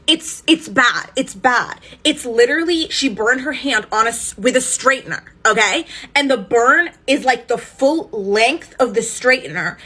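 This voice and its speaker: A woman voicing an offhand, deadpan adult mother who brushes things off. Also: on the high side, unhurried, hardly any pauses, husky, heavily acted. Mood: dismissive. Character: dismissive adult mother, flat and evasive.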